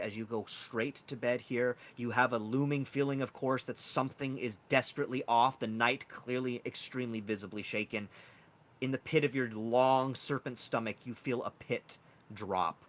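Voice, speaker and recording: A man's voice: medium pitch, moderate pace. A man narrating a tabletop game as game master, describing scenes casually.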